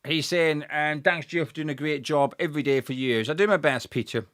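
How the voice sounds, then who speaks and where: Excitable football fan commentating live. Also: male voice, fairly high pitch, brisk. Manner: excitable, chatty, reads out viewer messages. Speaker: fan channel host.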